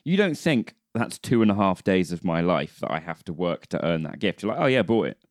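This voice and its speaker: Low-voiced man, lively and laughing. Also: a little fast, no echo, clean studio sound. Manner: laughs often, lively teasing, earnest praise. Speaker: podcast host. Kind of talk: casual chat.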